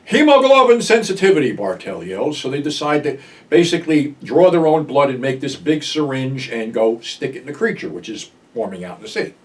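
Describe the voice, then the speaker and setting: A man's voice: medium pitch, expressive, moderate pace, darkish tone, far from the mic. An older American man hosting a show, casually and bluntly recapping a film's plot with some swearing. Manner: blunt, profane storyteller. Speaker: film review host.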